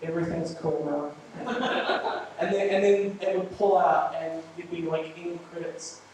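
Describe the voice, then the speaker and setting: Man doing deadpan stand-up in an echoey room. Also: fairly high pitch, a little slow, a little hiss or hum. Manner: deadpan, rambling storytelling with filler words. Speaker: stand-up comedian. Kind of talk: live stand-up set. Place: small live venue with audience. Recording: rough, echoey room recording from a distance. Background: audience laughter.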